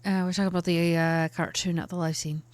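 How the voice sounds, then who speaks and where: A woman's voice: fairly low pitch, fast, no echo. A woman with an Irish accent, playing a tabletop role-play game and teasing the others. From Ireland. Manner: playful, teasing, lively banter. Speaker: player.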